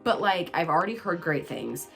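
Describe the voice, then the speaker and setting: Bubbly woman chatting, pitch swinging widely. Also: normal speed, gravelly, faint music behind. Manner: bubbly, excitable, self-teasing. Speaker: book vlogger. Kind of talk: casual chatty book talk.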